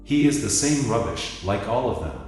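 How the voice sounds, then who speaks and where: A man's voice: fairly low pitch, sing-song, normal speed, a little mellow. A man voicing a proud, defiant freed Black man, in a dramatic reading in an echoey hall. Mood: bitter. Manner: bitter, distrustful. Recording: echoey hall with music behind.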